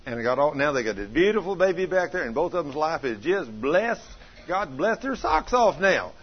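A man preaching a sermon, telling folksy stories and swinging from loud to hushed. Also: fairly high pitch, sing-song, moderate pace, a little hiss or hum. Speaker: pastor. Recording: dull lo-fi sermon recording.

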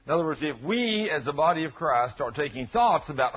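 Middle-aged pastor guy, husky voice, folksy earnest sermon talk, kinda muffled lo-fi recording. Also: a little high, very animated, a little fast, few pauses. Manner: folksy and earnest, quotes scripture. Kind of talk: conversational sermon. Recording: dull lo-fi recording.

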